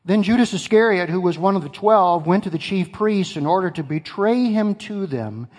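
A man's voice: high voice, animated, normal speed, darkish tone. A male pastor preaching a sermon, emphatic, repeating key phrases and asking his congregation questions. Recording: long hall reverb.

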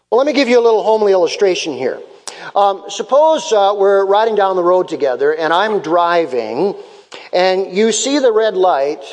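A man preaching from the pulpit in a high, unhurried voice, letting each phrase land before moving on. He repeats key lines for weight and acts out small exchanges to illustrate. The sound carries a long reverb from a large sanctuary. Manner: preaching with repeated emphatic phrases and acted-out dialogue. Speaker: pastor. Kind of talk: sermon.

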